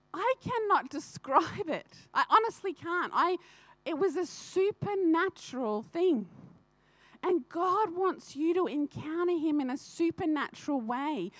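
Woman, middle-aged, high voice, dry close sound, fervent church testimony to the congregation. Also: fairly bright tone, no room sound. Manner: fervent, earnest, laughs often, addresses the congregation directly. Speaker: church speaker sharing a testimony. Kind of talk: personal testimony in a church service.

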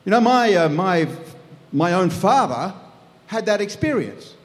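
A preacher with a high-pitched voice delivers a sermon, telling the story in a lively way and acting out its scenes. His voice carries through a long, echoing hall. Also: measured pace. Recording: echoey hall.

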